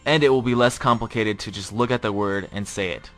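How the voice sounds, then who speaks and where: A man teaching a casual podcast language lesson, informal and repeating example phrases slowly. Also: fairly low pitch, fairly bright tone, faint music behind.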